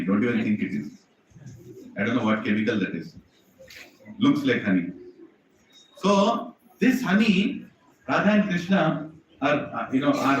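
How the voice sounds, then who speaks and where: A man telling a devotional story to a temple audience, animated and often asking the audience questions. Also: fairly high pitch, a little hiss or hum. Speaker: preacher. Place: temple hall. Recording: echoey hall, distant mic, dull sound.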